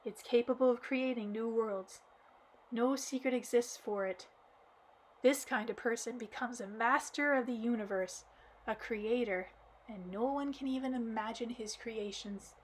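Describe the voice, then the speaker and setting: A woman reading an audiobook aloud, losing her voice, with soft, hushed asides between passages. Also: on the high side, a little slow, slight background noise, rough recording. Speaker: audiobook reader.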